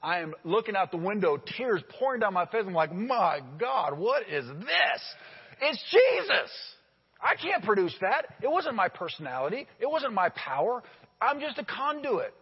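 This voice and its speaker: Animated pastor preaching in a big hall. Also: male voice, high voice, moderate pace, slightly rough. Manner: animated storytelling, swings from loud to hushed. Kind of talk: sermon. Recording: dull lo-fi audio with long hall reverb.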